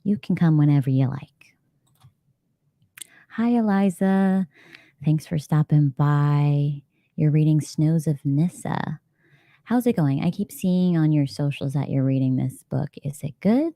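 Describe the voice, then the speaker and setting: A woman's voice: low-pitched, a little slow, dark tone, no room sound, clean studio sound. A woman hosting a casual live reading stream, chatting to viewers and laughing often. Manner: chatty, reads chat comments aloud, laughs often. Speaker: livestream host.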